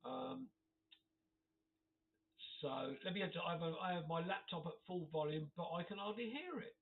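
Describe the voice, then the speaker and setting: A man's voice: sits high, sing-song, moderate pace, creaky. A man chatting casually to viewers on a live stream, laughing often as he reads out comments. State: occasional cough. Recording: tinny phone-like audio.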